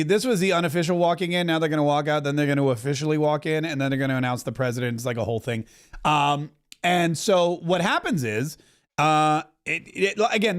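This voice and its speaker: A man hosting a live stream, chatting casually and wryly over a broadcast and thanking viewers for donations. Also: fairly high pitch. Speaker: podcast host commenting on a live broadcast.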